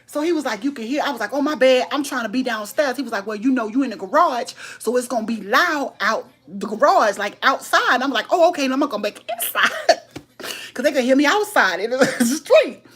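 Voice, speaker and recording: A woman tells a story on her livestream in a husky, fairly high voice. She talks loudly and animatedly, laughing as she goes. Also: fairly quick. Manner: animated, loud, laughing, retelling an argument. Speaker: livestream host. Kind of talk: casual storytelling rant.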